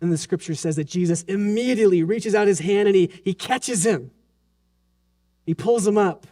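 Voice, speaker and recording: A man in his thirties preaching a Sunday sermon as pastor in a church, earnest, dropping to a hush and then rising with urgency. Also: sits high, normal speed. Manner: earnest, swings from hushed and soft to raised and urgent. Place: church sanctuary during a Sunday service.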